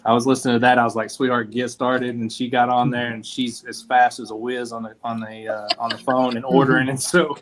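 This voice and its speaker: A man's voice: medium pitch, little pitch movement, a little fast, hardly any pauses. A man from Tennessee with a Southern accent, a guest telling folksy stories in casual chat. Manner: folksy, storytelling.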